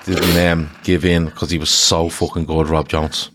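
Man, very low voice, quiz host, jokey banter, casual swearing. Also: flat delivery, normal speed, fairly bright tone, a little hiss or hum.

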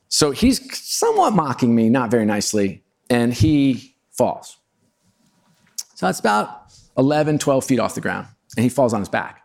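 A man's voice: mid-range voice, a little mellow. A middle-aged man giving a storytelling talk to a live audience, chatty and self-deprecating with plenty of asides. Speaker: keynote speaker.

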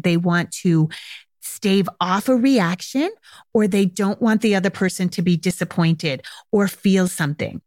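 A woman's voice: medium pitch, a little mellow, dry recording, clean studio sound. Frank, swearing woman podcast host. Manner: frank and conversational, swears casually, acts out little dialogues. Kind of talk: casual podcast monologue.

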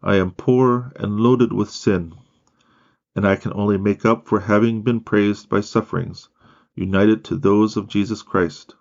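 A man's voice: fairly low pitch, steady tone, unhurried, vocal fry, darkish tone, dull audio. A man reading as a humble dying nun. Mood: prayerful. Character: dying devout nun, woman, humble and pious.

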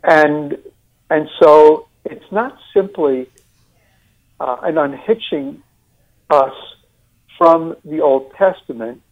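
A man with a New York accent, discussing and critiquing a sermon series in a deliberate way with many fillers and restarts. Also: fairly high pitch, highs cut off.

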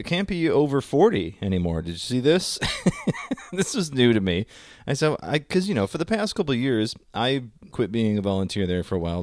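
A man's voice: sits low, no echo, clean studio sound. A man in his forties, a former radio DJ, co-hosting a podcast in casual chat and laughing often.

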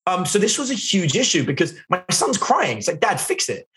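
A man's voice: sits high, very animated, fairly quick, a bit bright. A middle-aged man teaching business in a live webinar, chatty, filling his talk with "like" and "right?" and putting questions to his viewers. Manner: chatty, asks the chat questions, lots of "like" and "right?". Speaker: online business instructor.

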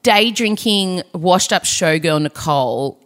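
A woman's voice: on the low side, lively intonation, takes it slowly, fairly bright tone. A woman hosting a podcast, reviewing a film in casual, opinionated chat with frequent restarts. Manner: chatty, opinionated, ranting with restarts. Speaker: podcast host.

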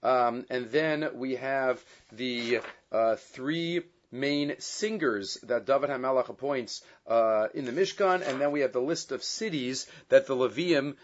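A man teaching a Torah lesson, reading Hebrew and Aramaic texts and translating them, with many fillers and lively stretches when he retells a story. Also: mid-range voice, a little slow, slight background noise. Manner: grows loud and animated when retelling the story. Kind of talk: Torah class lecture. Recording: dull lo-fi sound.

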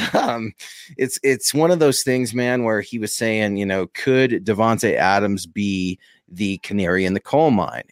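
A man's voice: lowish voice, no room sound, studio quality. A man hosting a casual sports podcast, chatty, reading out supporter thanks and putting questions to his co-host.

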